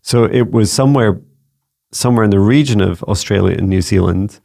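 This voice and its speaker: A Scottish man relaying psychic messages to viewers in a casual solo talk, halting and searching for words as he goes. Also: fairly low pitch, vocal fry, dark tone. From Scotland. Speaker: psychic mentor answering viewer questions. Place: home with a laptop.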